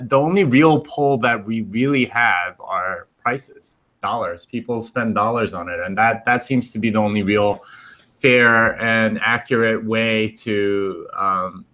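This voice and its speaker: A man's voice: fairly low pitch, sharp tone. A man on a remote livestream panel, chatting casually and thinking aloud with many hesitations.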